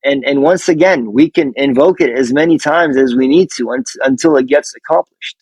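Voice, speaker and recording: A man in a political discussion, talking in a measured way with small repetitions. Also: medium pitch, darkish tone, slightly rough, dry recording, low-quality recording.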